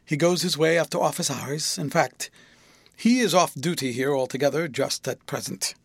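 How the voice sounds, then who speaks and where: A man's voice: on the high side, normal speed, slightly rough, no room sound. A man voicing a fussy, secretive elderly guardian who speaks in a stiff, formal, confiding way. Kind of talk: audiobook dialogue reading.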